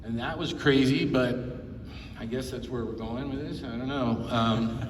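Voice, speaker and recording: A man's voice: medium pitch, fairly even intonation, normal speed, a little hiss or hum. A man in his fifties, a film producer on a convention panel, telling rambling anecdotes with chuckles and quotes he acts out. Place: large convention hall panel. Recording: echoey hall, voice from far off.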